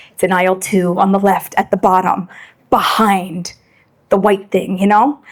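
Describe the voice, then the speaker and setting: A middle-aged woman who moved to Israel, giving a lively personal Torah talk to an audience and acting out the voices she quotes. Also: mid-range voice. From immigrant to Israel. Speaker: Torah lecturer.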